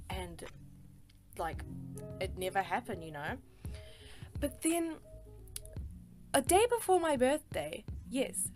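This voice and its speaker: Exasperated woman telling a storytime. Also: a little high. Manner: emphatic, exasperated, swears a lot, says "like" and "sis". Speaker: storytime artist. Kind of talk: casual storytime voice-over.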